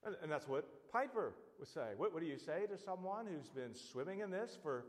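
A man preaching a sermon, earnest and building to loud, emphatic exhortation. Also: on the high side, very animated, normal speed, hardly any pauses, in a large hall.

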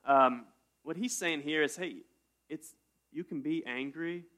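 A man's voice: on the high side, a little slow, bright, forceful tone. A man preaching a sermon as pastor, in a conversational way with rhetorical questions.

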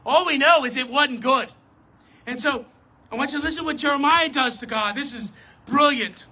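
A preacher giving a sermon, talking straight to the audience, swinging between loud emphasis and soft asides. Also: sits high, moderate pace, a little hiss or hum. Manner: addresses the audience directly, self-correcting.

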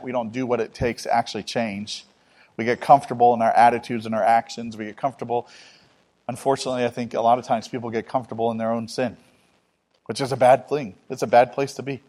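A man's voice: mid-range voice, fairly even intonation, fast talker, a little mellow. A man preaching a sermon in an earnest, conversational way, telling personal anecdotes.

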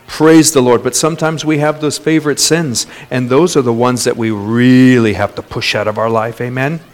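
A man preaching a sermon as pastor, lively, with call-outs and sudden jumps in pitch. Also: unhurried.

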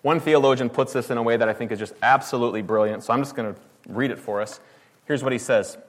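A man's voice: medium pitch, fast. A man preaching a sermon in an emphatic, conversational way, often asking the congregation rhetorical questions. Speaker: pastor.

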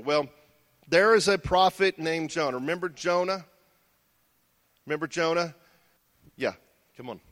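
A man preaching a sermon, telling the story in an animated way and swinging between hushed and loud lines. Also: on the high side, a little slow, pauses often.

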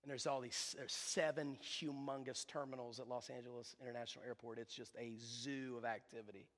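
A man preaching a sermon as pastor, fervent and emphatic, building to loud, driving runs. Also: medium pitch, fairly even intonation, fairly quick. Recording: long reverb of a large hall.

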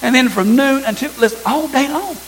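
A man's voice: very high voice, fairly quick, fairly bright tone, a little hiss or hum, rough recording. A man preaching a sermon, reading scripture aloud and repeating phrases for emphasis.

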